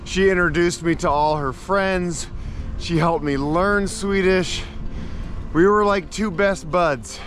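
A man's voice: high-pitched, slow, fairly bright tone, a little hiss or hum. An American man chatting casually and enthusiastically to his viewers while out on a bike ride. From United States. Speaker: travel vlogger. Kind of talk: casual travel vlog. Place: outdoors, riding a bike.

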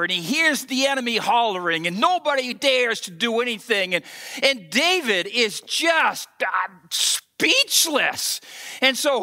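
Male pastor, sermon, animated storyteller, high, bright voice. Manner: animated storytelling, acts out the scripture.

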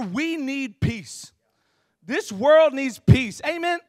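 A young man with a twang preaches and tells funny stories from his own life, acting out the voices of everyone in them. His voice sits high for a man. The sound is dry and close, with no echo. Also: animated, slow. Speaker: pastor. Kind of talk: sermon with comic storytelling.

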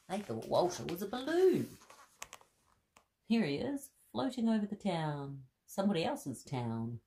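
A woman reads a bedtime story aloud to young listeners, taking her time over every line. Her voice sits on the lower side, yet her tone swoops up and down with lively expression. She breaks off for soft gasps and cosy asides to the children. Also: a little slow.

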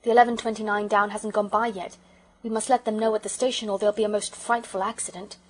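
A woman reading the part of a bold, eager boy in a children's storybook, in a brisk, sure-of-himself way. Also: mid-range voice, little pitch movement, husky, close to an everyday voice. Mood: urgent.

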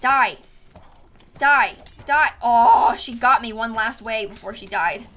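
A woman streaming a video game live, muttering softly to herself, then shrieking and laughing when things go wrong. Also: on the high side, takes it slowly. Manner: excitable, shrieks and laughs at setbacks. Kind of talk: live gameplay commentary.

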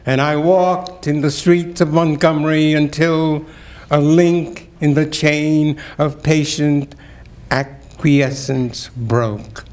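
An older man giving a keynote address, reading poems aloud in a slow, declamatory way and swelling to ringing emphasis on key words. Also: a little high, lively intonation, darkish tone. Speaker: keynote speaker reading poetry. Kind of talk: dramatic poetry reading and lecture. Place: event hall at a community breakfast.

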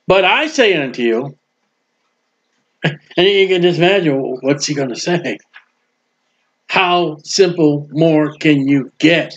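A man preaching a sermon with emphasis, swinging between loud proclaiming and quiet asides. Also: on the high side, slow, pauses often, dull audio.

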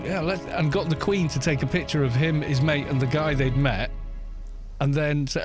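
A man's voice: on the high side, normal speed. A British man in his thirties chatting casually on a live game stream, telling stories and laughing often. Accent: British English. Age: 30s. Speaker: gaming streamer. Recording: faint music behind.

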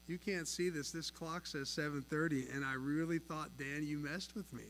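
A man preaching a sermon at an evening church service, earnest and emphatic, swinging between soft, low passages and louder pushes. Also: steady tone, moderate pace, slight background noise. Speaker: pastor. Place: church sanctuary. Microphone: pulpit mic.

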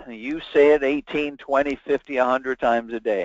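A man's voice: mid-range voice, fairly even intonation, moderate pace, dry recording. A man giving a webinar lecture as a sales trainer, talking emphatically and acting out sample phone calls. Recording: dull, dry lo-fi webinar audio.

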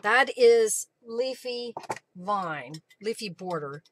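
A woman hosting a live craft stream, chatting casually, thanking viewers by name and often clearing her throat. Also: mid-range voice, expressive, slow pace, a little hiss or hum.

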